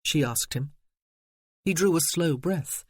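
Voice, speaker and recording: Measured audiobook narrator, dry close sound. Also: mid-range voice, darkish tone, slightly rough, dry recording. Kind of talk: scripted narration.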